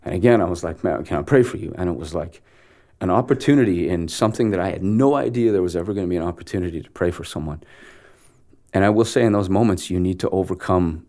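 A man in his forties, an actor guest, telling stories earnestly in an interview, with halting restarts. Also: low voice, a little mellow. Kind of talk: conversational storytelling interview.

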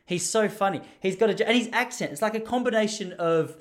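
A man's voice: high voice, a little fast. Rambling Australian man telling a story. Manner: rambling, animated, self-interrupting with restarts. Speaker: podcast host. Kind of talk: casual storytelling monologue.

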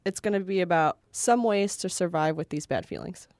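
A woman's voice: lowish voice, expressive, moderate pace, a little mellow, no room sound. A woman co-hosting a podcast in casual chat, wry and joking, often laughing mid-sentence. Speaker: podcast co-host.

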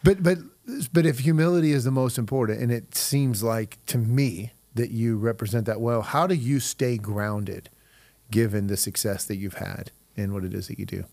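A man's voice: mid-range voice, normal speed, gravelly, darkish tone, dry recording. A middle-aged man hosting an interview, telling stories with chuckles and searching phrasing. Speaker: host, youth leader. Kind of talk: casual interview chat.

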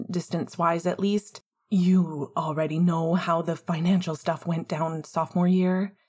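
A woman reads an earnest young man explaining himself slowly and openly. The tone is low and a bit husky. It sounds like a plain audiobook reading, with little change from the narrator's own voice. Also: a little mellow.

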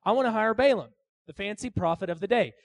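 A man's voice: high voice, fast talker, no room sound, close to an everyday voice. A man playing a panicked, pushy ancient king who talks in casual modern slang, told within a sermon.

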